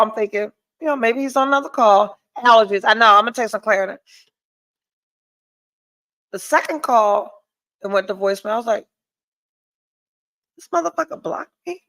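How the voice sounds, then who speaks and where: Casting: woman, forties or older, stuffy-nosed, slightly high voice, blunt and profane storyteller. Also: a bit bright, rough recording. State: stuffy nose. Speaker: podcast host. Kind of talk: candid solo livestream chat.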